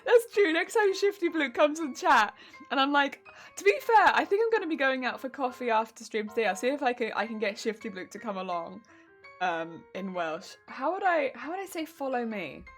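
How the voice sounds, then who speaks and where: A woman streamer chatting casually with her live chat while crafting, laughing often, her weak voice cracking when her pitch changes. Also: lively intonation, fairly quick, faint music behind. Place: home crafting stream setup.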